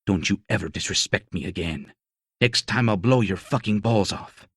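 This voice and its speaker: A man's voice: fairly low pitch, normal speed, breathy edge, dry recording, clean studio sound. A man voicing a crude, menacing male prosecutor in an audiobook, speaking in a mocking, threatening way. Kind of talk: audiobook character voice.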